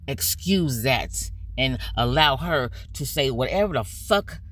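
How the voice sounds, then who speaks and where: A woman's voice: extremely low pitch, animated, a little slow, a little hiss or hum. A woman hosting a commentary channel, ranting bluntly and profanely about online drama, stretching words for emphasis.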